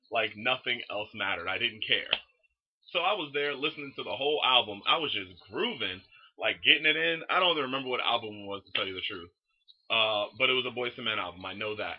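A young man casually telling a story to camera in an excitable, profane, animated way. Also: mid-range voice, breathy edge, muffled recording. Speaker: vlogger.

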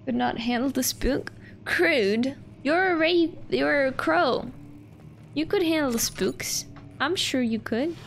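A woman's voice: sits high, slow, vocal fry, a little hiss or hum. A young woman streaming a game, chatting with viewers in a playful, sweary, giggly way. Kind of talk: casual gameplay commentary.

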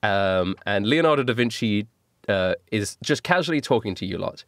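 A man's voice: fairly low pitch, expressive, normal speed, a bit bright, no room sound, studio quality. A man running a tabletop game as game master, recapping events in a casual, laughing way with fillers.

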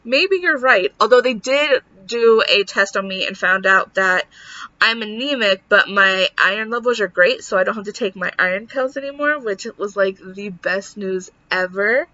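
A woman's voice: mid-range voice, normal speed, sharp tone, lo-fi sound. A woman in her thirties venting in a casual vlog, talking in frustrated runs full of "like". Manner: frustrated ranting, lots of "like". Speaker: vlogger.

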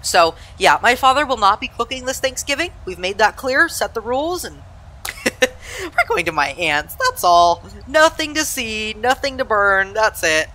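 Lively young Southern Californian streamer. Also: mid-range voice, moderate pace. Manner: chatty, reads and answers live chat while flying; laughs easily, self-deprecating. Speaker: flight sim streamer. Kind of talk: casual live-stream chat.

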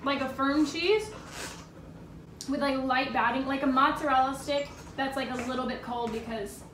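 Dry-humored young woman, high voice. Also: moderate pace. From Canada. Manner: relaxed, dry, sarcastic. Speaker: guest friend. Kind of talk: casual chat mukbang. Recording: echoey room, distant mic, clear noise.

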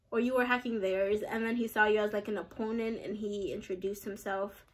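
Gaming commentator, woman, slightly high, husky, chatty and self-mocking. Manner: chatty, giggly, self-deprecating. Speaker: game streamer.

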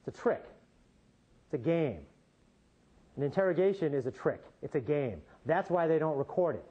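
A man's voice: a little high, lively intonation, lo-fi sound. Man arguing a courtroom closing, rhetorical. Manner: rhetorical questions, dramatic pauses, swings between quiet and emphatic. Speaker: defense attorney.

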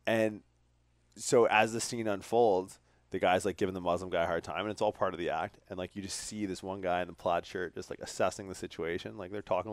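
This podcast host from Canada has a low-sitting voice and speaks a little fast, with no echo on the recording. He rambles through profane stories with lively energy in casual chat.

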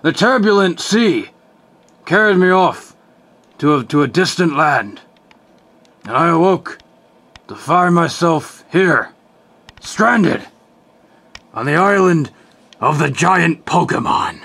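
A woman's voice: lowish voice, expressive, takes it slowly, long pauses, fairly bright tone, slightly rough, full character voice. A woman voicing a shipwrecked male pirate captain, speaking in a melodramatic, rambling drawl for a comedic toy play-acting video. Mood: woeful.

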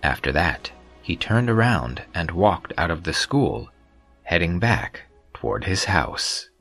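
Very deep-voiced male narrator. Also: very animated, takes it slowly. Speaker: audiobook narrator. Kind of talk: scripted narration. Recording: soft background music.

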